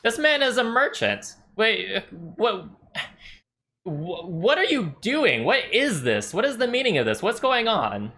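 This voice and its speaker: A man voicing a baffled male merchant who fires off rapid, incredulous questions. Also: high-pitched, very animated, pushed and bright, pitched above the performer's own voice, heavily acted. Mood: exasperated.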